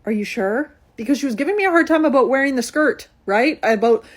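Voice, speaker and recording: A woman's voice: sits high, fast talker. A young adult woman telling a personal story in a casual, chatty way, with lots of "like" as she talks. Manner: chatty, animated retelling with frequent "like".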